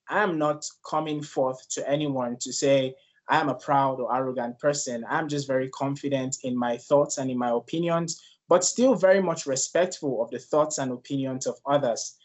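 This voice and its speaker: A man's voice: on the high side, normal speed, highs cut off. A man from Nigeria with a Nigerian accent, speaking earnestly and personally as a guest on a leadership panel discussion.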